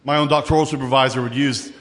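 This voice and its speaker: A man preaching a sermon in an animated, conversational way, with quick asides and repeated words as he works through scripture. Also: medium pitch, in a large hall. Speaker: pastor.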